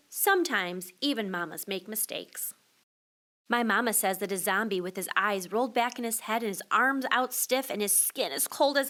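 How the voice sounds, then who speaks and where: A woman teacher reading a children's picture book aloud to young listeners, expressive and switching voices for the child and the mother. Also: medium pitch. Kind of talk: children's storybook read-aloud.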